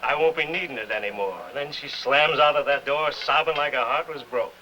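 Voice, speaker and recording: An actor playing a gruff older doorman at a rehearsal hall, blunt and folksy, in a 1950s television drama. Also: fairly high pitch, brisk, bright, forceful tone, muffled recording, faint music behind. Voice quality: folksy, blunt, ungrammatical talk.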